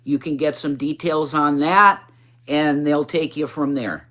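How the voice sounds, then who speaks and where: A man hosting a casual livestream, chatting with viewers and reading comments in a blunt, profane, rambling way. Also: measured pace. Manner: blunt, profane, chatty, swings up in pitch when excited. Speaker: livestream host. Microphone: phone.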